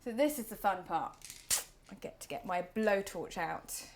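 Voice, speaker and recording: A woman in her thirties hosting a casual cooking demonstration in a kitchen, chatty and playful, sometimes dropping to soft self-deprecating asides. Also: mid-range voice, animated, normal speed, a little hiss or hum. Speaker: cooking show host.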